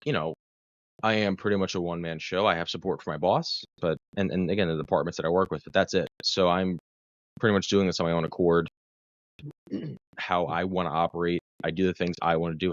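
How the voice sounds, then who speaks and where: Deep-voiced man telling a profane, rambling story. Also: steady tone, fairly quick, dull audio. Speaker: guest, mental health clinician for first responders. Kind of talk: casual podcast chat, long personal story.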